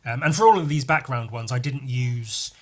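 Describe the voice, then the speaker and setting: A young man talks casually over his painting process, rambling and self-deprecating. He drops into quiet asides and throws in the odd swear word. His voice sits at an ordinary middle pitch. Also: normal speed.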